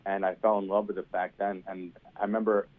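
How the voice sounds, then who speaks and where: Fast-talking comedian man from New York. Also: low-pitched, level tone. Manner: quick, storytelling, self-deprecating. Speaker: stand-up comedian guest. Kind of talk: casual interview chat. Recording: tinny phone-like sound.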